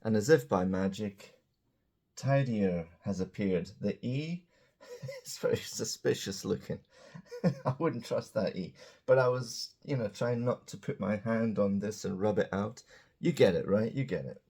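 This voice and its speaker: A man teaching English grammar in a casual, chatty way, drawing out example words slowly and dropping joking asides, beside a small whiteboard indoors. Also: fairly low pitch, very animated, warm tone, slightly rough. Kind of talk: casual grammar lesson to camera.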